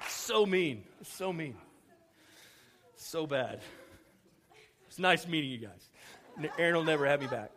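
A middle-aged man from Houston preaches through a personal story. His voice sits a little high, and he acts out each quoted line while poking fun at himself. It is a lively, humorous sermon delivery. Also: unhurried, long pauses, background noise. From Houston, Texas. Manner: animated storyteller acting out quoted dialogue, self-deprecating humor. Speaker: pastor.

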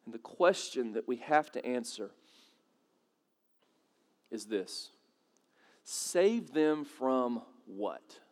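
In a large hall, a pastor with a medium-pitched, animated voice preaches extremely slowly, leaving long pauses. He keeps the sermon conversational, poses questions to the congregation and builds to dramatic swells.

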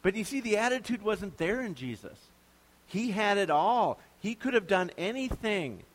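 A man's voice: on the high side, in a large hall, low-quality recording. A man preaching a sermon in a conversational, joking way. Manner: conversational, joking, puts on voices to make points.

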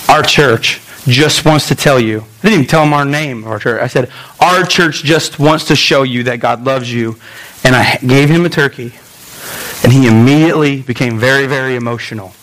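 A man pastor preaching a sermon in a lively storytelling way, acting out voices and making quick asides. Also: medium pitch, poor audio.

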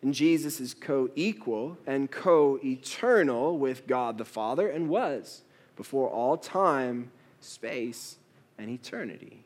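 A man's voice: medium pitch, animated, takes it slowly. A male pastor preaching a sermon, telling stories with playful quoted asides.

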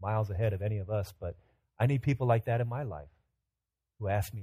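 Here the preacher has a lowish voice, talks fast, and pauses often, recorded with no room sound. He moves from lively, self-mocking anecdotes in his sermon to a more earnest, hushed appeal.

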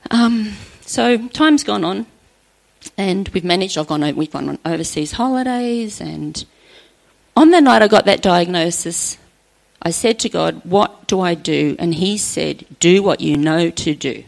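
A middle-aged woman speaking to her church in a gravelly, lower-pitched voice. She tells her story earnestly and chattily, often laughing softly as she goes. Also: unhurried, rough recording. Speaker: church member sharing a testimony. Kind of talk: personal faith testimony.

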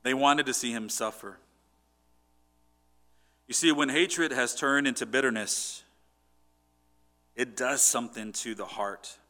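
A man's voice: medium pitch, unhurried, pauses often, pushed and bright. A man preaching a sermon in an earnest, conversational way, often restarting his sentences. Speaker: pastor.

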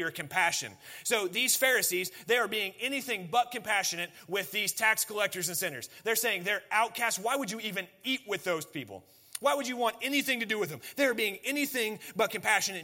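A man delivers a sermon, talking to his congregation like he's chatting with them. His voice sits high and sounds bright and forceful, and he keeps throwing in rhetorical questions and casual asides. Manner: conversational preaching, rhetorical questions, folksy asides. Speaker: pastor.

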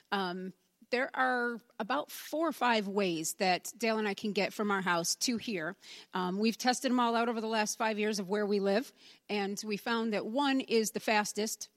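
A woman shares a testimony in church and tells it like a story, with an even middle pitch. She talks in a casual, conversational way and voices each person's lines. The sound is dry and close, with little room echo. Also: moderate pace. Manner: conversational storytelling, acts out the dialogue. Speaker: church member giving a testimony.

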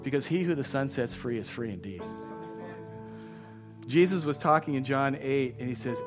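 A man preaching a sermon to a congregation as pastor, impassioned, repeating phrases and building to loud exclamations. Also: mid-range voice, moderate pace, pauses often, over music. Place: church before a congregation.

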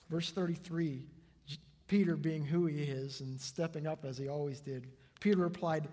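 Male pastor, sermon. Husky, fairly high, earnest, long hall reverb. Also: normal speed. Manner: earnest, shifts between soft and loud.

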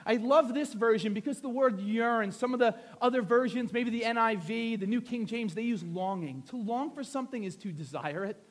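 A man preaching a sermon to a congregation, moving between quiet asides and loud, fervent prayer. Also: very high-pitched, moderate pace, few pauses. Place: church hall before a congregation.

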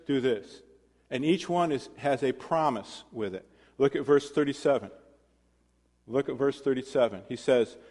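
A man's voice: medium pitch, a little mellow. A male pastor preaching a sermon in a conversational way, with self-deprecating asides and questions to the congregation. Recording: long hall reverb.

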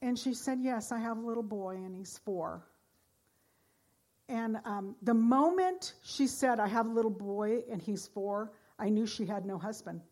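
Woman preaching, kinda high voice, earnest, goes from loud urging to soft storytelling. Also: unhurried. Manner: earnest, swings from loud exhortation to hushed storytelling. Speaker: pastor. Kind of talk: sermon.

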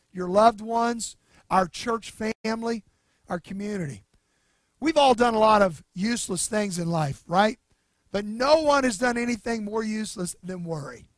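A male pastor preaching in an earnest, conversational style, dropping in casual asides. His voice sits very high for a man, and the sound is close and dry with little room echo. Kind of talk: sermon. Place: near-empty church building.

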